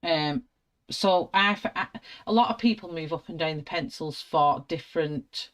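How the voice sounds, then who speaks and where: A woman's voice: low-pitched, unhurried, a bit bright. Brief: chatty woman, broad Wigan accent, live art tutorial host. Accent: Wigan, Lancashire. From Wigan, England. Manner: chatty, laughs often, greets viewers by name. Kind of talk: live colouring tutorial chat.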